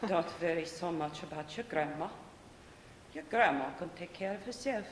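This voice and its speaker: A woman's voice: on the low side, expressive, normal speed, natural voice. A stage actress playing a stern, bitter elderly grandmother who talks in curt, commanding, guarded lines during a live play. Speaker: stage actor. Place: theater stage. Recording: reverberant theater from far off, faint hiss.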